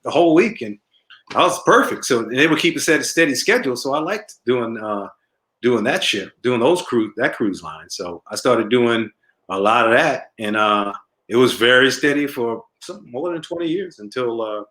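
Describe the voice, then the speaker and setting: A middle-aged male comedian chats as an interview guest, spinning stories and laughing at his own punchlines. His voice is bright and very expressive, and the room around him is noticeably echoey. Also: mid-range voice, normal speed. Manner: animated storyteller who laughs at his own jokes. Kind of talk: casual interview storytelling. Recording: roomy echo.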